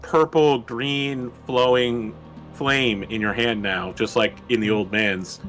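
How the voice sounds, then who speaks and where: A man's voice: mid-range voice, slow, faint music behind. A man narrating as game master in a tabletop game session. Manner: easygoing, animated narration.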